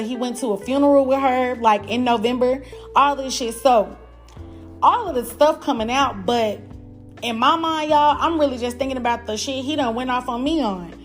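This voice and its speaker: A young woman with a fairly high voice spins a story in a loose, blunt way, swearing freely and calling out to her listeners. Her talk is casual and animated, with faint music playing underneath. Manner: blunt, profane and animated, talking straight to listeners as "y'all". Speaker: podcast host.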